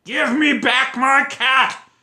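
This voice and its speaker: A man's voice: very high voice, fairly even intonation, takes it slowly, sharp tone, roomy sound, voice pushed up, full character voice. A man voicing a furious, shrieking old male caretaker who screams in a frantic way. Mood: raging.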